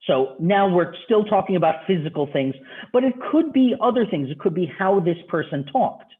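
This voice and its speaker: A man's voice: high voice, animated, moderate pace. Chatty male lecturer on a tinny line. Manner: conversational, fires off rhetorical questions. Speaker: university instructor. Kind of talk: online class lecture. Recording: tinny phone-like audio.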